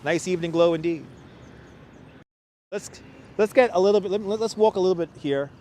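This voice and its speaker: A talkative man hosts a walking livestream from a chilly city park, his voice pitched a little high for a man. He chats loosely, laughs often and reads out viewer comments as he goes. Faint street traffic hums behind his clip-on mic. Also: fairly quick, a little mellow. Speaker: livestream host and tour guide. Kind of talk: casual walking livestream chat. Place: outdoors in a city park at sunset, cold. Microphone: wireless clip-on mic.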